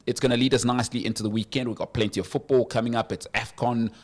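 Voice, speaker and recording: Chatty sports radio host, a man. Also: medium pitch. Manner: animated, banter-driven, quick asides. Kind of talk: casual sports talk radio.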